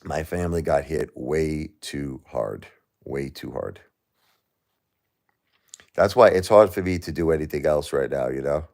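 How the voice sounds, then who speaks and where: A grieving middle-aged man speaks in an extremely deep voice with a gravelly, creaky edge. His talk is raw and repetitive, moving between anger and quiet disbelief as he speaks on a live stream. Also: animated, measured pace, long pauses. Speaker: livestream host. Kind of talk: emotional live-stream monologue.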